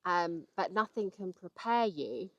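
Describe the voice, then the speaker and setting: Chatty English woman, low voice. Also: lively intonation, a little slow, no echo, muffled recording. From England. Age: young adult. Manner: chatty, hesitant with many ums, explaining patiently. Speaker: vlogger. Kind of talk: casual chat.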